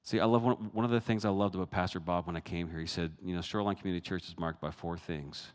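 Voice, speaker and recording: A man preaching a sermon, animated, swinging from hushed asides to loud, high bursts. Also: fast talker, long reverb tail. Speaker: pastor.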